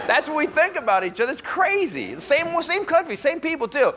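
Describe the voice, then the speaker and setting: A man's voice: very high-pitched, big pitch swings, brisk. A man doing a stand-up comedy set on a club stage, punchy and playfully crude, with an audience laughing. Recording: live club with loud crowd and noise.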